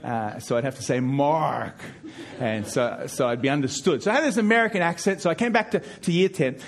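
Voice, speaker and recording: A middle-aged man preaching a sermon in a fairly high voice. He pushes his key points with rising force, climbing in pitch and volume, and often repeats words as he builds his thought. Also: quick pace. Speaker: pastor.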